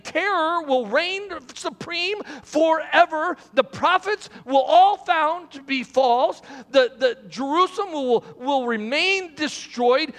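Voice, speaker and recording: A man preaching a sermon as pastor, with dramatic pauses and rising emphasis. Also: very high-pitched, a bit bright. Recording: long hall reverb.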